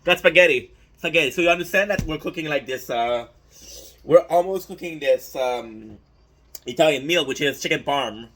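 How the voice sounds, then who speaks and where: A man's voice: on the high side, normal speed. A young man hosting a casual mukbang vlog, chatting loosely and swearing as he cooks. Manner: loose and profane, hyped asides. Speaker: mukbang vlogger.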